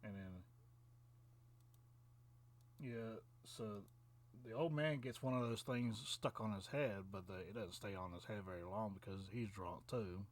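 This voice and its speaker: A man's voice: lowish voice, measured pace, pauses often. A man who reviews films, recapping a movie in a rambling, casual way with lots of fillers and chuckles. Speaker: film reviewer.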